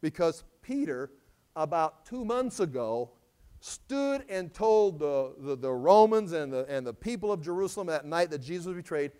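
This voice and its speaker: Male pastor, high-pitched, conversational sermon delivery with acted scripture quotes and frequent restarts. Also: lively intonation, normal speed, a little mellow, clean tone. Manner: conversational preaching, quoting scripture in acted voices; repeats words when restarting.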